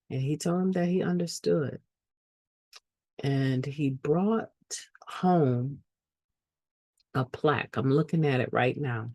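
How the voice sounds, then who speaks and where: A woman's voice: deep voice, takes it slowly, long pauses, a little mellow, no room sound. A woman giving an earnest personal testimony at a recovery meeting, repeating phrases for emphasis.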